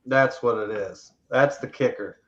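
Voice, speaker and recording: A man's voice: medium pitch, unhurried, lo-fi sound. A man making a friendly sales call to a property owner. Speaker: sales caller.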